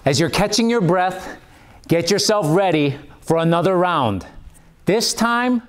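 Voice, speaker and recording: A man's voice: sits high, lively intonation, a little slow. A man leading a taekwondo workout, encouraging and calling out commands, out of breath. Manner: encouraging, calls out commands and kiai shouts. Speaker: taekwondo instructor. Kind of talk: guided workout instruction.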